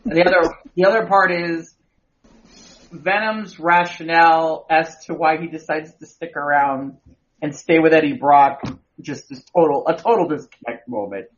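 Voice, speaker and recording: A man's voice: a little high, normal speed. A man co-hosting a podcast, chatting casually in a rambling way full of restarts. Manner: rambling, with many restarts and repeated words. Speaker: podcast co-host. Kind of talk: casual chat, movie review. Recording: muffled lo-fi audio.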